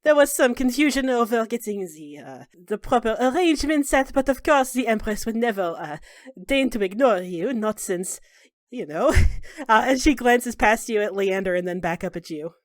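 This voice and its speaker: A woman's voice: a little high, lively intonation, moderate pace, dry recording, clean studio sound. A woman running a tabletop game as game master, narrating with a playful, giggly manner.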